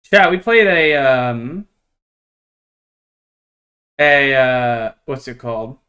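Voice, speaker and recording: Bright-voiced man streaming a wargame. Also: mid-range voice, expressive, extremely slow. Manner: hesitant, many fillers, playful. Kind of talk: casual chat while playing a tabletop wargame.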